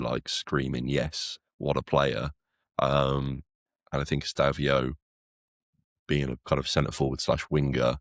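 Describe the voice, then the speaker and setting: A very deep male voice in a dry, studio-quality recording. He co-hosts a podcast, talking football casually and ramblingly, full of fillers and restarts.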